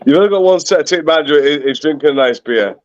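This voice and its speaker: Chatty dad, muffled sound. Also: male voice, fairly high pitch, lively intonation, quick pace, slight background noise. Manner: chatty, laughs often. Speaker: host's father. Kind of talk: casual chat.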